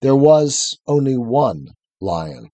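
A man voicing a vast lion with a deep, low voice, calm and commanding, in a read-aloud story. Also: takes it slowly, dry recording. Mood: solemn.

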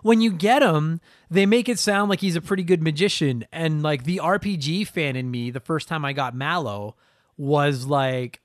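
High-voiced man ranting about games. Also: animated, normal speed, no echo, clean studio sound. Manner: profane, ranting, exaggerated. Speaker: podcast co-host. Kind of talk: casual gaming podcast chat.

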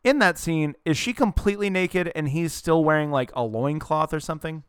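A man talks movies in a loose, joking podcast chat, drifting into crude tangents. His voice is smooth and resonant. It sits close and dry, with no room around it. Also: a little high, fairly quick, no echo. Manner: joking, crude, rambling, puts on silly voices. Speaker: podcast co-host.

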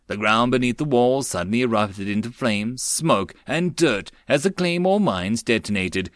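A man reading a fantasy web novel aloud, in a steady storytelling voice of middle pitch. The recording is dry and close, with no room echo. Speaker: audiobook narrator.

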